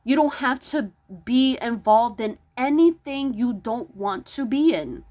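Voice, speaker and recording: A woman's voice: a little high, expressive, measured pace. Fired-up woman preaching spiritual self-work. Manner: preachy and emphatic, rising to near-yelling with rhetorical questions; stammering restarts. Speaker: spiritual vlogger. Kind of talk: impassioned spiritual monologue.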